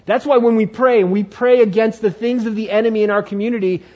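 High-voiced, emphatic male preacher. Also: fairly even intonation, fast. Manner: emphatic, repeats key phrases, dramatic pitch swings. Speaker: pastor. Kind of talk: sermon. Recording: dull lo-fi sound.

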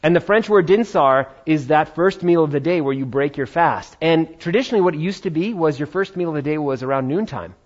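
A man preaching a sermon as pastor, talking in a conversational, animated way with playful asides. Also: fairly high pitch, fairly quick, few pauses. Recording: dull lo-fi sound.

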